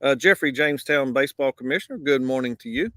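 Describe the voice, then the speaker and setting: A man's voice: mid-range voice, quick pace, a bit bright, no echo, clean studio sound. A man hosting a casual live morning show outdoors, easygoing and drawling his greetings to viewers. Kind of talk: casual live-stream chat. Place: outdoors on a windy day. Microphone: basic mic, no wind cancelling.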